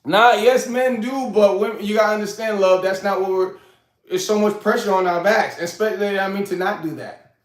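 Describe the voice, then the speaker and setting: Chatty high-voiced man in his forties. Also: brisk, roomy sound. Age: 40s. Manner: chatty, laughs often, repeats "you know what I'm saying". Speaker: host. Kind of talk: casual talk to camera.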